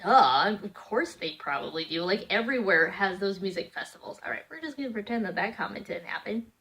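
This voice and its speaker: A young woman vlogging a casual review of cartoon episodes, chatty and animated, slipping into playful voices. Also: medium pitch, brisk, gravelly. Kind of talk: casual reaction chat.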